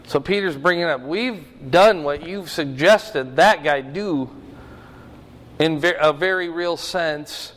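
A man preaching an expository sermon, stressing key words slowly and with emphasis. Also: fairly high pitch, fairly bright tone. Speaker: pastor. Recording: long hall reverb.

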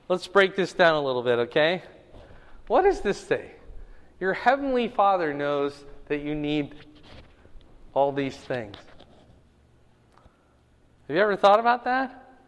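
Male pastor, unhurried sermon delivery with rhetorical questions, high-pitched voice, recorded in an echoing church hall. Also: sing-song. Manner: reads scripture with rising emphasis, then explains casually; asks the audience rhetorical questions.

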